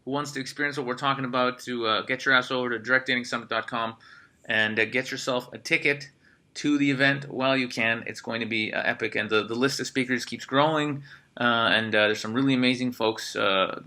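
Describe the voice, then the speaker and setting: Very bright, energetic, swearing male podcast host. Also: medium pitch, fast. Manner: energetic, swears freely, lots of fillers. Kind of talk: casual podcast chat.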